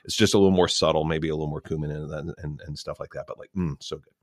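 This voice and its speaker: A Canadian man co-hosting a podcast, telling a relaxed, rambling story with fillers and casual swearing. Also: very deep voice, fast talker, no echo, studio quality. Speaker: podcast co-host. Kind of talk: casual chat.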